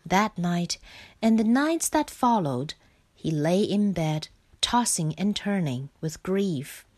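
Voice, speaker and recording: A woman reading a children's picture book aloud, slow and expressive. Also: fairly low pitch. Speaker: storyteller.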